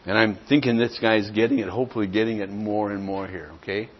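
A man teaching how to explain a gospel tract, speaking in a plain conversational way, often clearing his throat and checking in with "okay?". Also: fairly low pitch, fairly even intonation, fast talker. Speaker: evangelism teacher. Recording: dull lo-fi recording.

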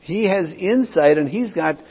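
Speaking unhurriedly in a high, husky, expressive voice, a middle-aged man serves as pastor delivering an expository sermon in a church sanctuary. His style is emphatic and repetitive, and he often asks his listeners "okay?". Long hall reverb colors the dull, lo-fi recording.

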